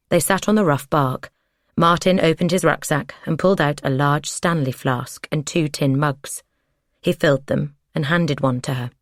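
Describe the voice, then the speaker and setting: Low-pitched woman, measured audiobook narrator, dry close mic. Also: dry recording.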